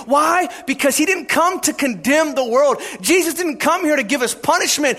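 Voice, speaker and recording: Middle-aged male pastor, impassioned sermon delivery, high and bright, shouts to drive points home. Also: animated, moderate pace, hardly any pauses. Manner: impassioned, often shouting for emphasis.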